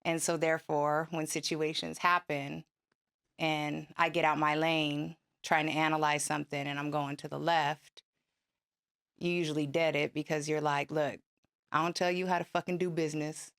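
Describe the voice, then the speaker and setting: A woman co-hosting a couples podcast, talking in a measured, reflective, analytical way. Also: sits low, little pitch movement, a bit bright, smooth. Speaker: podcast co-host. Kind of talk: casual couple's podcast chat.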